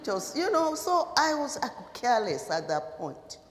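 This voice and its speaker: A woman from Nigeria, telling a personal story in an animated, halting way with fillers and restarts. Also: fairly high pitch, a little hiss or hum. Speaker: speaker. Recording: echoey hall with long reverb.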